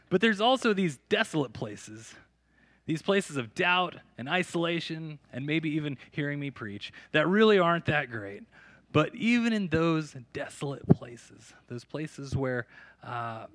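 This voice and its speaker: A man preaching a sermon at a church service, reading scripture with dramatic emphasis and breaking into lively, joking asides. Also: medium pitch, dry recording. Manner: animated storytelling with asides and jokes. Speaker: pastor.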